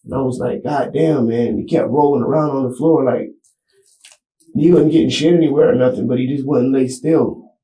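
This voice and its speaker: A man's voice: mid-range voice, steady tone, mellow. Rambling man in an echoey room. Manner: rambling, halting, street slang. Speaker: interview subject. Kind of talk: police interrogation recording. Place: small interrogation room. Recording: echoey room, camera mic.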